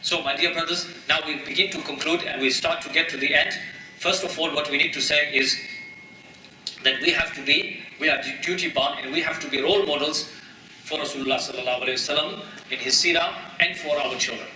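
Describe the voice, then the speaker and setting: A man delivers a sermon in a mosque, emphatic and full of rhetorical questions. His voice is bright and cutting, and his delivery is quick. He is heard from a distance across an echoing prayer hall. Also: on the high side, steady tone, slight background noise. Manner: emphatic, rhetorical questions, repeats phrases, mixes in Arabic and Urdu terms. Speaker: imam giving a mosque talk.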